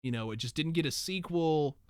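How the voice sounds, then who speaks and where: A man's voice: fairly high pitch, fairly quick, smooth, no room sound. A man hosting a casual podcast chat, rambling animatedly through tangents in a soundproofed home studio. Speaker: podcast host.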